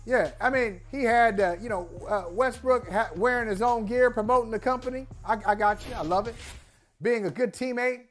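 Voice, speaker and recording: A man's voice: very high voice, normal speed, soft background music. Emphatic, incredulous sports talk man. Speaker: sports talk show co-host.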